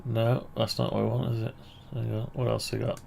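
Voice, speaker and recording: A man from the UK talks a little fast in a level, creaky, darkish mid-range voice, with slight background noise. In a casual screen-share walkthrough of his amateur radio antenna project, he thinks aloud and keeps correcting himself.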